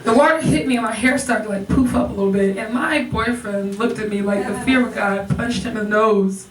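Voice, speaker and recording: A young woman doing a stand-up comedy set, chatty and animated, often laughing at her own jokes. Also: fairly high pitch, a little fast, crowd noise. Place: comedy club stage. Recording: echoey club, recorded from far off. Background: audience laughter.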